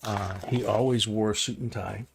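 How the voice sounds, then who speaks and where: A man's voice: lowish voice, steady tone, normal speed, gravelly, a little hiss or hum. An older man hosting a live stream, telling a rambling story in a casual way, chuckling and restarting his sentences. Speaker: host.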